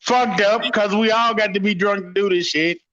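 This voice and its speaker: A man hosts a rowdy call-in chat, spinning war stories full of curses and bursts of laughter. His voice sits on the higher side. The sound is dull and lo-fi, like a call recording. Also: moderate pace. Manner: profane, laughing, animated storyteller. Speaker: host. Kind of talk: casual storytelling chat.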